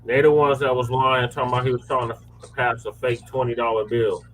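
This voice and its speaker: A man's voice: mid-range voice, level tone, a little fast, slight background noise, low-quality recording. A man in casual panel talk, mostly chiming in with short agreeing remarks.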